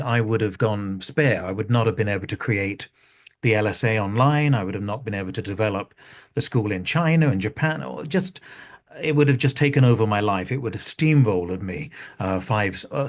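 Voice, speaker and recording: A man talking casually on a video call, pausing often with ums and restarts. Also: fairly low pitch. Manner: hesitant, many ums and restarts. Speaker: new magazine editor, astrology school head.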